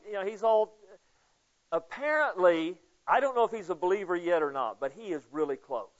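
A man's voice: high-pitched, expressive, moderate pace. A man preaching a casual, conversational Bible study sermon, asking listeners questions by name. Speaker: pastor. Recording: dull lo-fi sound.

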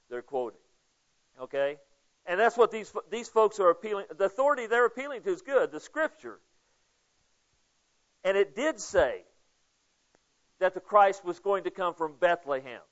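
A man's voice: high-pitched, expressive, moderate pace, long pauses. A man preaching a casual, conversational Bible study sermon, asking listeners questions by name. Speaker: pastor. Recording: dull lo-fi sound.

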